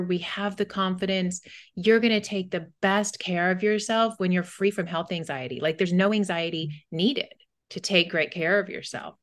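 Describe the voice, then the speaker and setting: A woman's voice: on the low side, fairly bright tone. A middle-aged woman, a podcast co-host and anxiety coach, telling a personal story candidly in casual conversation, with many fillers.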